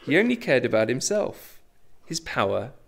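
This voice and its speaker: A middle-aged man preaching a sermon, conversational and animated, with asides and self-deprecating humour. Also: mid-range voice, normal speed, creaky, slight background noise. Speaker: pastor.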